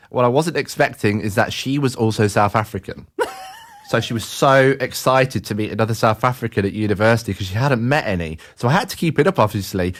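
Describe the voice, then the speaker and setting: A man's voice: medium pitch, a bit bright. A man co-hosting a casual podcast chat, joking and laughing through his stories. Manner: jokey, laughing storyteller. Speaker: podcast co-host.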